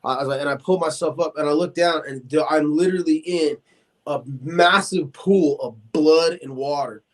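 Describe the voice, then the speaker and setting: His voice sits a little high and moves at a moderate pace. This podcast guest in his forties tells a long, loose story with lots of fillers, animatedly performing the quoted lines.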